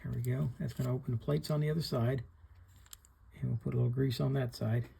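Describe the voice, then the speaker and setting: Gravelly, husky-voiced man explaining repairs. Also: medium pitch, steady tone, fast talker, warm tone. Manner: plain-spoken, talks through each step while working. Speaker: fishing reel repairer hosting a channel. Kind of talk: hands-on repair tutorial.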